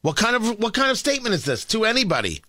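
A man's voice: high voice, big pitch swings, quick pace, sharp tone. A man hosting a morning radio talk show, giving emphatic, incredulous opinion commentary full of rhetorical questions. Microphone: studio microphone.

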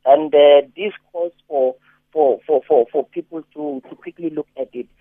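A man calling in to a talk show, speaking haltingly and often repeating words as he makes his point. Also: fairly high pitch, fairly even intonation, no room sound. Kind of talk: phone-in commentary. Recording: tinny phone line.

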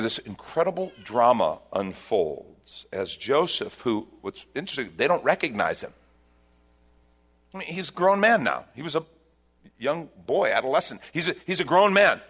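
A male pastor preaching a sermon, retelling a scripture story with emphatic, animated delivery. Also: mid-range voice.

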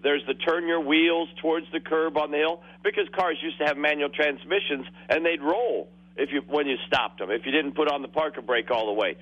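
A man's voice: fairly high pitch, fairly quick, hardly any pauses. A man in his sixties calling a radio show, telling rambling stories and laughing through them. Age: 60s. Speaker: caller. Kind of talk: phone-in storytelling. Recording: muffled phone line on the radio.

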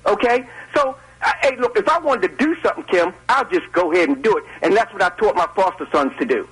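An older man calls in to a radio show, folksy and argumentative. His voice is husky yet pitched fairly high for a man. He comes through a phone line. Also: lively intonation, quick pace, fairly bright tone. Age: 70s. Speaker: caller. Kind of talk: call-in radio debate.

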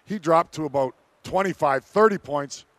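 A former hockey player on a sports talk panel, telling locker-room stories in a lively, animated way and laughing often. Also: male voice, a little high, moderate pace, no echo.

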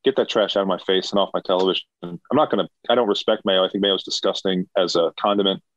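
Low-voiced emphatic male podcast co-host. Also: fairly even intonation, fast talker, fairly bright tone, no echo. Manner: emphatic, opinionated. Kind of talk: casual podcast chat. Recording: dull lo-fi dry sound.

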